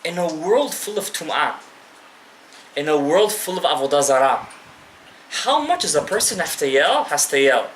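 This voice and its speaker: A man's voice: on the high side, big pitch swings, normal speed, roomy sound, slight background noise, rough recording. A male rabbi giving a live Torah class, passionately addressing his listeners directly and mixing in Hebrew terms.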